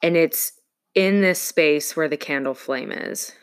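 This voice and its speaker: A woman speaks slowly and with care, in a fairly low voice, as she tells a personal story. Her delivery is earnest and reflective, with halting pauses and restarts. The conversation is casual. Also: lively intonation, gravelly.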